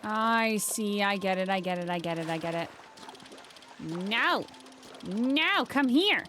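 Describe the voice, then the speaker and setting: A woman's voice: mid-range voice, expressive, slow pace, sharp tone, a little hiss or hum. A woman hosting a gaming channel, giving playful let's-play commentary with giggly, jokey asides.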